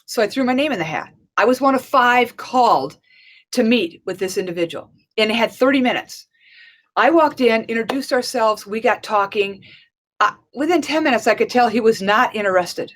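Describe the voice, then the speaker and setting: Fairly high in pitch and moderately paced, a middle-aged life and leadership coach chats her way through a conference talk. Animated, she tells a story and performs the dialogue within it.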